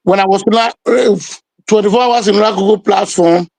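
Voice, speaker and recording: A man's voice: sits high, steady tone, moderate pace, creaky, darkish tone, no room sound. A Nigerian man hosting a call-in talk show, cutting in and pleading for his turn to reply. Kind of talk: live call-in radio talk.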